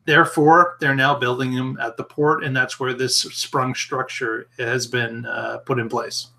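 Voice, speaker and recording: Bright-voiced male co-host explaining. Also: mid-range voice, flat delivery, measured pace, creaky. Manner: explanatory, laughs easily. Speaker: podcast co-host. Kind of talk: casual chat.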